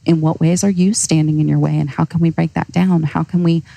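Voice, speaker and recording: A woman's voice: low-pitched, fairly even intonation, a little fast, gravelly, warm tone, no echo, poor audio. An earnest, heartfelt woman, a coach, speaking as a podcast guest. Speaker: guest, cold-exposure coach. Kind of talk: podcast interview.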